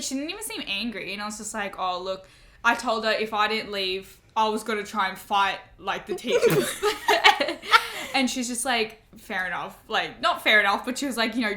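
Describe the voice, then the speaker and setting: Bright-voiced young woman telling stories. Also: mid-range voice. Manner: swearing, laughing, many fillers like "like". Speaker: podcast host. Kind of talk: casual storytelling chat.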